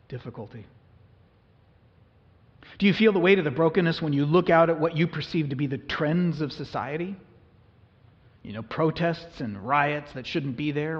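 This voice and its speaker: A man preaching a sermon as a pastor, earnest and emphatic, his voice rising suddenly to loud peaks. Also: mid-range voice. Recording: muffled, reverberant hall recording.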